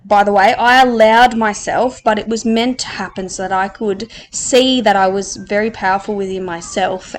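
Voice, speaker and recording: A woman's voice: medium pitch, a little hiss or hum. A woman in her late twenties hosting a podcast, telling a personal story candidly and emotionally, with many fillers and frequent swearing. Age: 20s. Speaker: podcast host.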